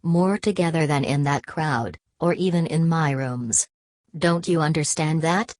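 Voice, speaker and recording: A woman's voice: deep voice, unhurried, a little mellow, no echo, studio quality. A woman reading the lines of a cheerful, conventional young woman who pleads and insists, in a storybook recording. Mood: pleading.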